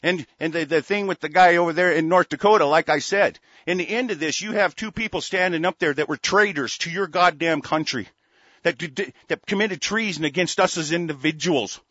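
Cussing man on a talk show, ranting hard, kinda high voice, muffled dry recording. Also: a little fast, fairly bright tone, dry recording. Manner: angry, swearing, stammering restarts. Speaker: radio show host. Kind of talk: profane political rant.

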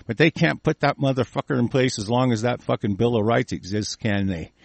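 A man hosting a small talk radio show, ranting with constant swearing, swinging between low muttering and angry bursts. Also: fairly quick, vocal fry, hardly any pauses, no room sound. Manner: profane, shouting in bursts, mumbling asides. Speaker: radio host.

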